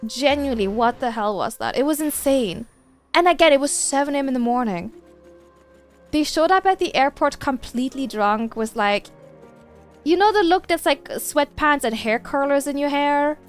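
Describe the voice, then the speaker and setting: A woman streamer telling a story in casual chat while gaming, animated and exasperated, swearing freely. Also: high-pitched, moderate pace, faint music behind.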